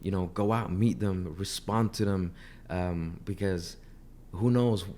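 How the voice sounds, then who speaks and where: Hoarse guy talking as an interview guest, lowish voice, earnest, a bit of hiss behind. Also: unhurried, a little mellow. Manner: earnest, repeats words when starting sentences. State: hoarse, lost voice. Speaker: artist manager, guest. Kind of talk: casual interview talk.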